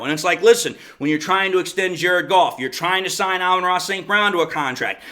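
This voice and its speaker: A young man hosts a solo sports show, his voice pitched high and sharp. He leans hard on key words and talks himself into each point. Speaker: sports podcast host.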